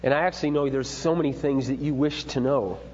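A man's voice: medium pitch, fairly even intonation, fairly quick, in a large hall, muffled recording, slight background noise. A middle-aged man giving an earnest, emphatic, preachy talk on parenting, told through personal stories. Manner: earnest, emphatic, building to forceful points. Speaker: parenting speaker.

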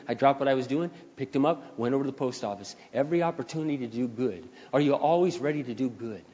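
A male pastor preaching a sermon, repeating key phrases and swelling louder to drive them home. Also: medium pitch, quick pace, hardly any pauses. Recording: dull sound, long hall reverb.

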